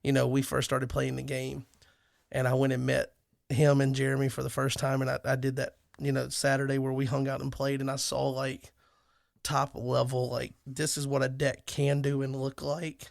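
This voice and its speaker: Man, podcast co-host, gravelly voice, dry close sound, casual joking chat. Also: mid-range voice, monotone, normal speed, dry recording. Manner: joking, rambling with restarts and laughter. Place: lives in Alabama.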